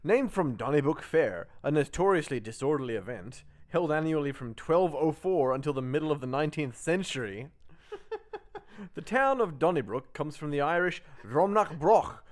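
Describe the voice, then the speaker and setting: A man's voice: a little high, expressive, moderate pace. A man chatting on a podcast, dry and reading out trivia. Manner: dry, reads out facts. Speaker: podcast co-host. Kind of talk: casual chat.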